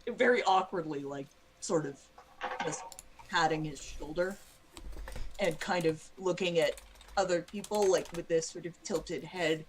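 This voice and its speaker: A woman's voice: fairly low pitch, measured pace, slight background noise, poor audio. A woman player in a tabletop game, describing her character's actions hesitantly.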